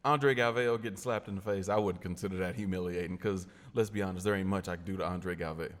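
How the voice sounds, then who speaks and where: A man co-hosting a casual podcast chat, throwing in teasing jokes and quick asides. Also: deep voice, fairly even intonation. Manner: wisecracking, teasing. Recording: long echoey room reverb.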